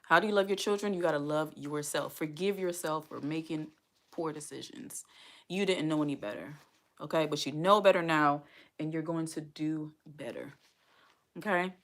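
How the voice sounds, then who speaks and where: This US single mom's low voice has a bit of brightness as she talks at a moderate pace. In her casual livestream vlog, she addresses viewers with earnest, heartfelt sincerity, going back over things for emphasis.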